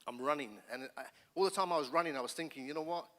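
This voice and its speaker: A middle-aged man from England, a pastor telling his personal testimony in an animated storytelling manner, with frequent restarts. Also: medium pitch, racing. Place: church hall. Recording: reverberant church hall.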